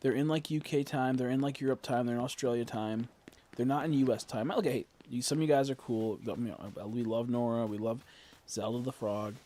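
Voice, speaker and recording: A man's voice: medium pitch, fairly even intonation, fairly quick, dark tone. A man streaming a game, chatting casually and rambling with lots of filler words while joking with his chat.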